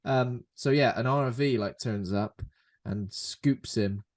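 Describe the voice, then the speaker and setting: A British man co-hosting a podcast, chatting casually about a film and acting out characters in quick jokey bits. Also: mid-range voice, a little mellow. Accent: British English. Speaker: podcast co-host.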